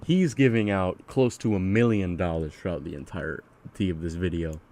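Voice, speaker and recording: A man's voice: low voice, normal speed, darkish tone. A man hosting a podcast, chatting casually about music in an earnest way and asking leading questions. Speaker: podcast host.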